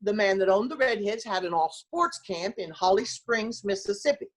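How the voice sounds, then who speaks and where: A woman's voice: mid-range voice, normal speed. An older woman telling stories in a casual interview, acting out what people said and laughing as she goes. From small-town United States. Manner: animated storyteller who acts out quoted voices and laughs often. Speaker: former basketball player, interview guest.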